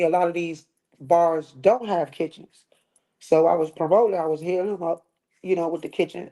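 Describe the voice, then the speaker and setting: Relaxed, slangy Midwestern woman guest. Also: low voice. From American Midwest. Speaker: guest, cook and musician. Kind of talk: casual interview talk.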